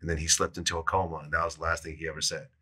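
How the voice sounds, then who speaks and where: A man hosting an interview, recounting stories in a measured way. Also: rumbling low, flat delivery, bright, forceful tone, breathy edge. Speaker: interviewer host. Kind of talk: interview chat and storytelling.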